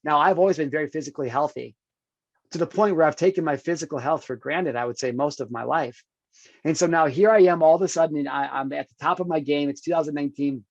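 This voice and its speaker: A man in his thirties, pitched slightly high, tells a personal story on a podcast with emphatic intensity, pulling the host in with "dude" and "check this out." The recording is dry and a little dull. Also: fast talker, no echo. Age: 30s. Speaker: podcast guest.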